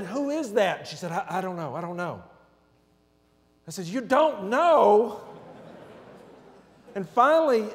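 Pastor in his forties, animated storyteller. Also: sits high. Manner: animated storyteller acting out dialogue. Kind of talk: storytelling sermon. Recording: long reverb of a large hall.

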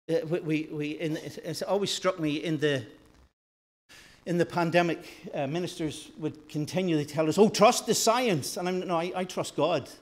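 A man preaching a sermon in a church, rising loud for emphasis and dropping soft and slow. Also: a little high. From northern Ireland.

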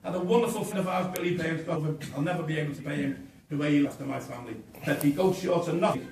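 A man's voice: a little high, quick pace, a little mellow, slight background noise. An older man speaking at a campaign meeting, telling his own story in an impassioned, blunt way. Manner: impassioned, blunt, acts out dialogue. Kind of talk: personal storytelling to an audience. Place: inn function room. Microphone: camera in the audience. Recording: echoey room from far off.

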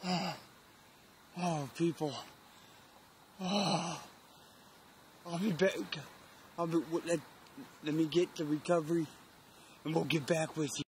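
A middle-aged man, out of breath and emotional, talking in a hushed, halting voice while hunting outdoors in the woods. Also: on the high side, steady tone, slight background noise. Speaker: bow hunter. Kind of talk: hushed hunting vlog commentary.

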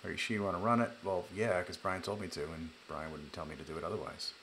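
A man's voice: sits low, steady tone, fast, a bit bright, slight background noise. A man with a nasal voice, hosting a live coding stream in a chatty, joking way and narrating each step. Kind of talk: casual live coding chat.

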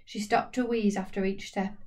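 A woman's voice: medium pitch, recorded from a distance. Woman reading a children's story. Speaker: audiobook reader. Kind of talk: storybook narration.

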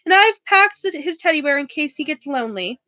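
A woman reading aloud, voicing a big, gentle half-giant gamekeeper who dotes on his pet dragon. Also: high-pitched, lively intonation, brisk, no room sound. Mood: doting. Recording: dull, dry lo-fi recording.

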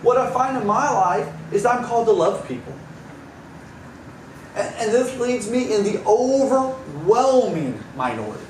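Here a male pastor preaches a sermon in a church sanctuary with a high, very animated voice at a measured pace. His style is conversational and wry, and he acts out the voices of those he quotes. Slight background noise sits under a roomy, distant church sound with faint ambience.

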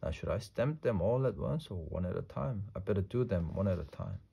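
A man reading a storybook, voicing a cheerful, literal-minded housemaid in a slow, earnest tone. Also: deep voice, sing-song, creaky, warm tone, breathy edge, heavily acted.

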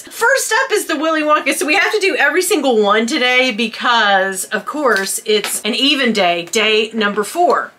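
A chatty woman, talking to her viewers at home in a relaxed, self-deprecating vlog. Her voice is bright and tense, and sits a little high. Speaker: vlogger. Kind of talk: casual vlog chat. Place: at home, indoors.

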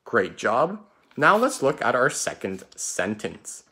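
Slow, lively-voiced male teacher. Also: medium pitch. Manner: slow, drawn-out letter-by-letter dictation. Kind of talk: online spelling lesson.

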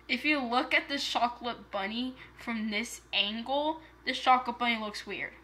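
A woman's voice: a little high, moderate pace, hardly any pauses, sharp tone, slight background noise. A woman narrating a homemade toy story play by play, playful and full of gasps.

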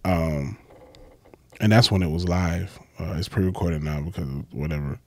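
A man, a comedian guest, telling stories in casual chat, profane and animated, acting out quotes with big leaps in his voice. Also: moderate pace, no room sound. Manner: profane, acts out quotes with big jumps in pitch.

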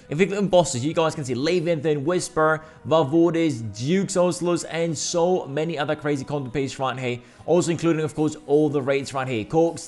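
A man doing excitable gameplay commentary as a gaming video host, swearing often and calling viewers bro and mate. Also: medium pitch. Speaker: gaming YouTuber.

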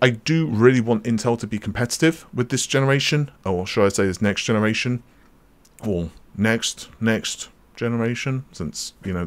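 A man with a slightly low voice hosts a tech talk, speaking casually and unscripted. He rambles through frequent fillers, restarts and self-corrections. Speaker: tech channel host.

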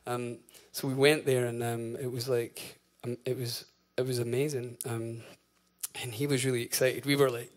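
A man's voice: mid-range voice, flat delivery, moderate pace. A man in his thirties fronting a band on stage, telling a rambling, swear-laced story between songs with lots of fillers and laughs. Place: live concert venue.

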